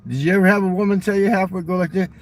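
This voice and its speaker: A man rambles through crude stories in a loose, profane monologue, his voice sitting a bit higher than most men's. He talks outdoors near a railroad crossing, with faint traffic noise behind him. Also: steady tone, very fast. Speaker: vlogger.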